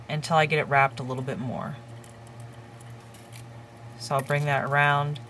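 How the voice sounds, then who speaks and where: A woman hosting a crafting tutorial, calmly talking through each step while she works with her hands. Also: low voice, slight background noise. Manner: calm, unhurried, talks while working with her hands.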